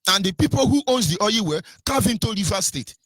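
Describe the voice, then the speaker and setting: Man, Nigerian accent, scolding radio commentary, rhetorical questions, husky, fairly high-pitched. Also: animated, fairly quick, fairly bright tone, dry recording. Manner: scolding, repeats rhetorical questions, stumbles with fillers.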